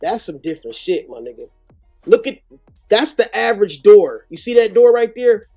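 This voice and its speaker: A man's voice: sits high, very animated, normal speed, warm tone, faint music behind. A man hosting a live reaction show, commenting animatedly with heavy slang and profanity. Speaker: host.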